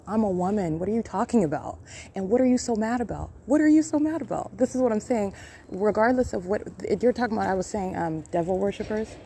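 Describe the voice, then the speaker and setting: A woman records herself in a public library with slight background noise, her voice on the low side, creaky, and dark in tone. A podcast host capturing her own encounters in live self-recorded commentary, she speaks accusingly and insistently, repeating her points.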